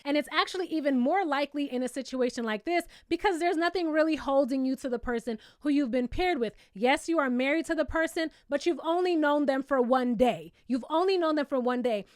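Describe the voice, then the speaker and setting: A woman's voice: sits high, no echo, clean studio sound. A woman giving a casual, sassy recap of a reality TV episode, talking straight to her viewers and calling them "child" and "baby.".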